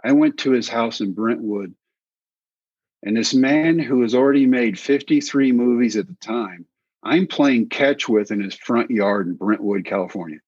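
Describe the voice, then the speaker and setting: Male interview guest, former ball coach, husky storyteller who acts out the other voices, on a dull, dry recording. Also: mid-range voice, normal speed, a little mellow, dry recording. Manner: folksy anecdotes, acting out quoted voices.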